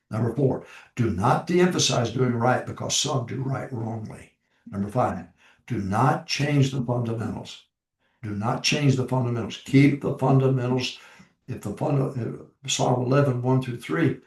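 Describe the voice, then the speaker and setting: A man's voice: mid-range voice, creaky, darkish tone. An older man preaching a folksy ministry talk, repeating his numbered points with rambling asides. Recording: echoey room, distant mic.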